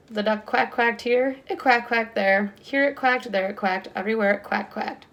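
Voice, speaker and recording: Teacher lady reading a storybook to little kids, bit high voice, really expressive. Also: normal speed, few pauses. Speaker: kindergarten teacher. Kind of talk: reading a picture book aloud.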